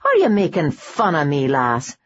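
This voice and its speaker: A woman voicing a curt, growling male Scottish Highland vampire warrior with a dry manner. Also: huge pitch swings, normal speed, lo-fi sound, full character voice. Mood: gruff.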